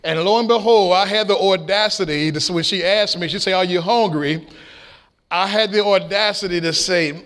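High-voiced preaching man. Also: animated, moderate pace. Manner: preaching with shouted high peaks and a folksy storytelling tone. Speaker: pastor. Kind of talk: sermon.

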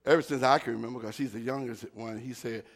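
A man preaching a sermon, calling out to his congregation, repeating himself and building up to shouts. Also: mid-range voice, fairly even intonation, fast. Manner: call-and-response, rising to shouts; repeats words and restarts often.

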